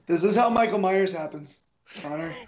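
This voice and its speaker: Man, podcast co-host, laid-back, chuckling, high voice. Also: moderate pace, a little mellow. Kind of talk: casual chat.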